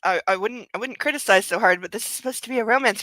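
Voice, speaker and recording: A woman's voice: fairly high pitch, racing, few pauses, pushed and bright, dry recording, poor audio. A woman hosting a book club podcast, giving sarcastic, ranting commentary on a novel.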